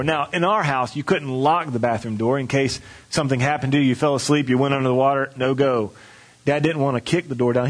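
A man's voice: mid-range voice, a bit bright. A man preaching a sermon, telling a folksy personal story and acting out the voices of the people in it.

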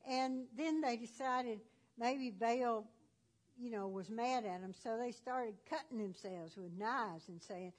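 A woman's voice: a little high, a little slow, darkish tone. A woman retelling a Bible story in a folksy, conversational way with casual fillers.

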